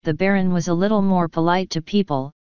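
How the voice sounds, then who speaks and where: Smooth-voiced woman audiobook narrator. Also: on the low side, fairly even intonation, fairly quick, no echo, dull audio.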